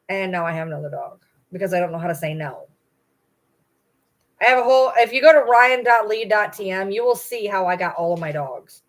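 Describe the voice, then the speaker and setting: A woman's voice: mid-range voice, animated, a little fast. Chatty woman cooing at her dogs. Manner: blunt, swears casually. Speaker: livestreamer. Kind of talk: casual chat during a livestream.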